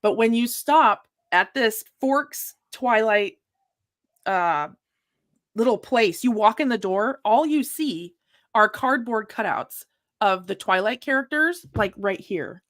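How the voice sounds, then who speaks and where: Animated woman hosting a livestream. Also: on the high side, takes it slowly, dry recording, studio quality. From Washington state. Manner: animated storytelling, acts out her own reactions. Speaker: podcast host. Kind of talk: casual livestream chat.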